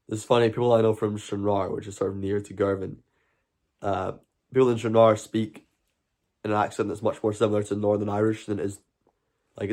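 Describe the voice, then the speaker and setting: A man's voice: on the low side, a little mellow. Earnest Scottish man chatting on a stream. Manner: earnest, rambling, talks to chat. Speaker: live stream host. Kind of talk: casual live stream chat.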